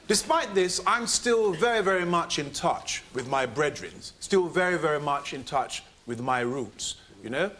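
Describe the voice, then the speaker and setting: A man's voice: a little high, expressive, moderate pace, few pauses, background noise. Mock-grand male comic speechmaker. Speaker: comic debate speaker.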